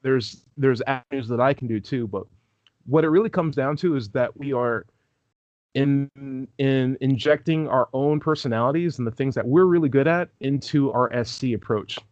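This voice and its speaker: Young man from California, loose rambling chat full of "like", mid-pitched, dry close sound on a call. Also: normal speed, darkish tone, no echo, muffled recording. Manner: rambling, lots of "like", acts out quoted voices. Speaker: street epistemologist guest. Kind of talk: casual interview chat. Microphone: video call.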